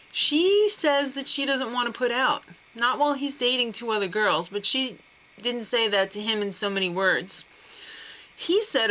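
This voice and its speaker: A woman's voice: mid-range voice, sharp tone. A woman hosting a casual TV recap, sarcastic and laughing often. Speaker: TV recap host.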